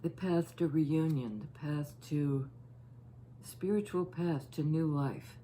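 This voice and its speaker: A woman giving a casual tarot reading, musing and halting as she thinks aloud over each card. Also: deep voice, dark tone, slight background noise. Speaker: tarot reader.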